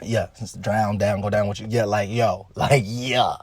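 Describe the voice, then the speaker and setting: A man's voice: fairly low pitch, fairly even intonation, a little slow, slightly rough. A man giving casual, rambling commentary on celebrity news, laughing often and repeating himself.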